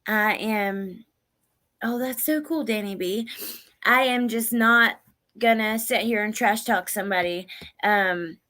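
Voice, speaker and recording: A woman's voice: medium pitch, slow, sharp tone. A woman hosting a casual livestream, chatting with viewers by name and repeating lines from a clip. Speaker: livestream host.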